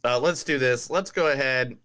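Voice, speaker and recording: A man co-hosting a podcast in loose, chatty conversation, swearing and jumping up in pitch for emphasis. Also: normal speed, a bit bright, clear, resonant tone. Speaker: podcast co-host. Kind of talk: casual chat.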